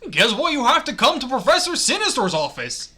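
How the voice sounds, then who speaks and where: A woman voicing a cheerful young man in a squeaky, cartoon-mouse-style voice during a comic reading of fan fiction. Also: big pitch swings, fairly quick, bright, forceful tone, husky, heavily acted. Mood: excited. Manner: chirpy, high-pitched and exclamatory.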